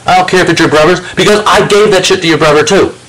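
Man with a slightly high voice, heated and confrontational, swearing constantly. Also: fast, a bit bright, rough recording. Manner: confrontational, swears heavily, addresses a rival directly. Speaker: video channel host. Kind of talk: angry profane rant to camera.

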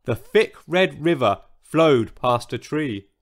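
A man reading a children's story aloud in an animated, expressive storytelling manner. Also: on the high side, slow.

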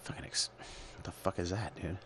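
Deep-voiced man rambling crudely. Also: fairly even intonation, fairly quick, background noise. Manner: crude, profane and absurd. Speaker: solo show host. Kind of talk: rambling casual monologue. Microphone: computer call setup.

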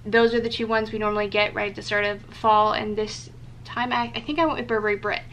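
A woman's voice: mid-range voice, fairly even intonation, fast talker, fairly bright tone, slight background noise. A young woman vlogger chatting casually about gifts she picked, with lots of ums and likes and eager enthusiasm. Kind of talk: casual gift show-and-tell.

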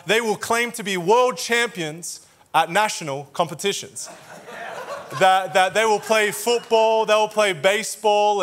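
Australian man, pastor, high voice, bright and forceful tone, chatty joking sermon. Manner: joking, conversational preaching to a crowd. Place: church auditorium.

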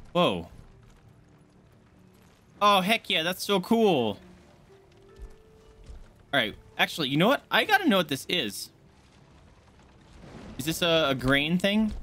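Chatty guy streaming a game from home, fairly high voice, bounces all over the place. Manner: chatty, excitable, greets chat viewers. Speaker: gaming streamer. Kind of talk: casual live-stream chatter over gameplay.

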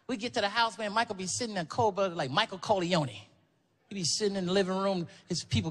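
A man doing stand-up storytelling, animated and profane, full of exclamations. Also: high voice, quick pace. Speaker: stand-up comedian. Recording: noisy live stand-up recording.

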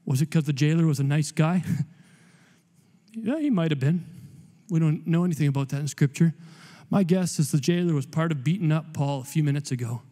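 A man preaching as a guest pastor, animated and conversational, with playful asides. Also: fairly high pitch, a little fast. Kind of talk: sermon. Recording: long hall reverb.

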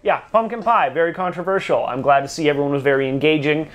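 Joking man co-hosting. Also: quick pace. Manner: joking, laughs often, lively pitch. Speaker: co-host of a store's talk show. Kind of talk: casual chat.

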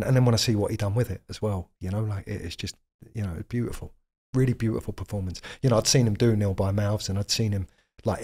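British guy guesting on a chat show, quick storyteller, low husky voice. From Britain. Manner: anecdotal storytelling, acts out quoted dialogue. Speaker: guest actor. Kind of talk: casual interview chat.

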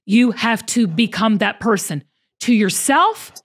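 A high-pitched woman hosts a relaxed chat. She talks emphatically, with fired-up, preachy bursts. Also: measured pace. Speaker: show host. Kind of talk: casual chat.

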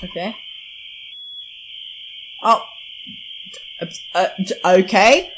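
Woman gamer host, unhurried, jumpy outbursts, faint hiss behind. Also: medium pitch, rough recording. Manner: excitable, yelps and laughs while playing. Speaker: gaming video host. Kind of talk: let's play commentary.

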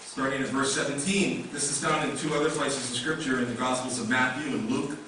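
Male pastor, conversational sermon, rhetorical questions, boomy church room, faint hum behind. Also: fairly even intonation, brisk. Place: church sanctuary. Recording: echoey room mic from a distance.

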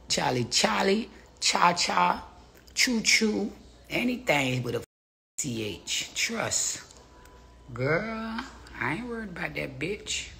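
A middle-aged woman ranting on a phone live stream, brash and profane, swinging between hushed whispers and loud exclamations. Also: low-pitched, gravelly, slight background noise. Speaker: social media personality. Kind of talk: casual live-stream rant.

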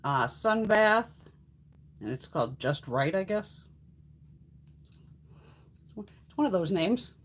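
A woman's voice: mid-range voice, big pitch swings, takes it slowly, pauses often, breathy edge. A middle-aged woman chatting casually while hosting a beauty livestream, swearing freely and laughing often. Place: home makeup room.

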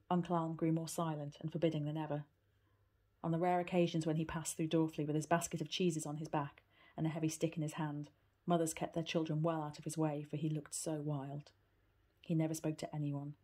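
A woman with a low, husky voice narrating a children's story aloud. Her reading is steady and even. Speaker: reader.

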